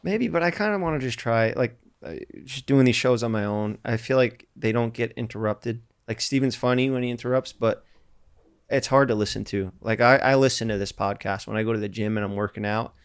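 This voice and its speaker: Young male podcast host with a smooth voice, rambly, swears freely in casual chat. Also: medium pitch, a little fast. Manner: loose, rambling, swears a lot.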